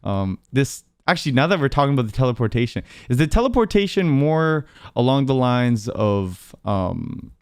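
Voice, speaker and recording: A man's voice: medium pitch, very animated, moderate pace, few pauses, clean tone, no room sound, clean studio sound. A man hosting a casual video-call interview, chatty, laughing often and talking with many fillers. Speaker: interviewer and streamer host.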